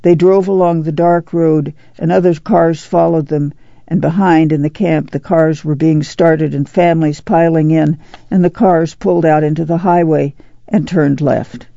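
A narrator reading an audiobook in a steady, unhurried way. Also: mid-range voice, creaky, dry recording. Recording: dull, dry lo-fi recording.

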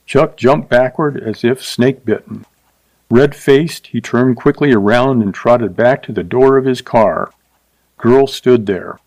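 A man narrating a short story in a steady, even storytelling voice, adding light character voices. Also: mid-range voice, unhurried, no echo, rough recording. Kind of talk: scripted audiobook narration.

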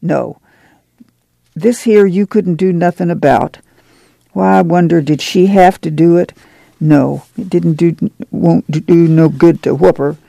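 A man voicing a weary, steady mother of a poor migrant family, talking in a folksy rural dialect, firm and quiet. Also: fairly low pitch, unhurried, vocal fry, no room sound.

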